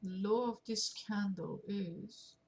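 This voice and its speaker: A woman streaming her forex trades, thinking aloud as she clicks through charts, with many pauses and fillers. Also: medium pitch, darkish tone. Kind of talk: live screen-share trading commentary.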